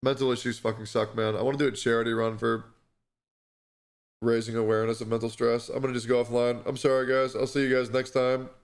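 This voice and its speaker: A distressed, stressed young man is live streaming, his medium-pitched voice staying level in tone. He speaks in halting, repeated words, apologizing often and swearing heavily.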